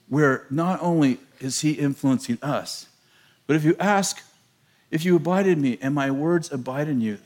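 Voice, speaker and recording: A middle-aged man preaching a sermon, telling a story in an animated, self-mocking way and laughing often. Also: on the high side.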